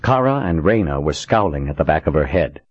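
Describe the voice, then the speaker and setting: A man narrating an audiobook in a steady, even reading. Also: extremely low pitch, fairly quick, breathy edge. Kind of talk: scripted narration. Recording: dull dry recording.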